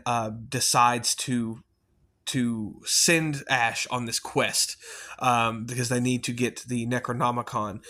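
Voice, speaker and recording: A man's voice: medium pitch, bright, forceful tone. A man giving a casual spoken movie review, chatty and rambling, with many fillers and casual swearing.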